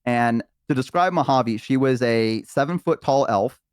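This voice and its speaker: Young man, guest, rambling storyteller, mid-pitched, dry close mic. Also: unhurried, smooth, no room sound. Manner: rambling, filler-heavy storytelling. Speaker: stream guest. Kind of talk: casual storytelling about a tabletop game.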